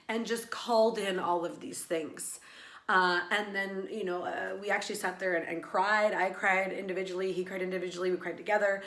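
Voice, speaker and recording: Vlogging woman, laughter yoga teacher, earnest and reflective, mid pitch, echoey room. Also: fairly even intonation, moderate pace, fairly bright tone. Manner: earnest, reflective, with many fillers and restarts. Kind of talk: personal vlog monologue.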